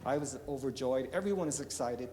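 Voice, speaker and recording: A man from eastern Oregon telling a lively business story to an audience, acting out the dialogue. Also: mid-range voice, brisk, a little hiss or hum. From eastern Oregon, USA. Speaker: entrepreneur giving a talk. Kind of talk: storytelling keynote speech. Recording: reverberant hall with faint ambience.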